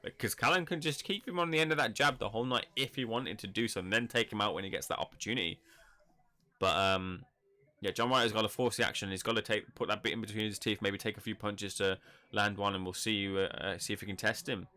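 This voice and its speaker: A man with a lowish voice, hosting a live fight-reaction stream. He talks in a chatty, rambling way and sounds bright and forceful. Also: quick pace. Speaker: boxing channel host.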